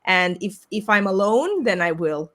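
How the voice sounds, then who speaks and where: A woman's voice: mid-range voice, sing-song, a little slow, a bit bright. A woman whose first language is Armenian, hosting a podcast over a video call, talking in an earnest, reflective way and searching for her words. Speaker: podcast host. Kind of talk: casual video-call conversation. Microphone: remote call microphone.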